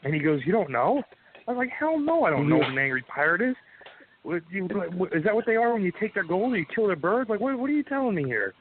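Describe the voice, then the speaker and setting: Man, podcast co-host, animated storyteller, slightly high voice, tinny phone-like audio. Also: quick pace, slight background noise. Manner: animated, rambling anecdote telling. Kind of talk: casual storytelling chat.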